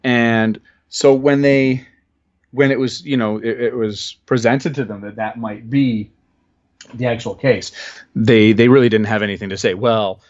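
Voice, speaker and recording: A man's voice: medium pitch, steady tone, a little slow, lo-fi sound. A man from Ontario, Canada, a podcast guest in casual conversation, earnest and thoughtful, often searching for words.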